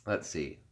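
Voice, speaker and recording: A man rambles through a casual live-stream chat, his voice bright and forward. He circles through fillers and restarts, teasing himself and laughing often as he talks to his viewers. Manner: joking, self-deprecating, laughs often.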